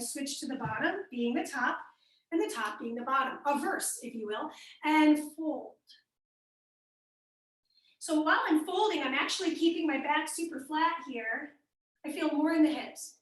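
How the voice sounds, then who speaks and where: A young woman with a Midwestern accent leading a live workout class, upbeat and encouraging as she cues moves and calls out class members by name. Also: sits high. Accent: American Midwestern. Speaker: fitness instructor. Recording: echoey room, voice from far off the mic.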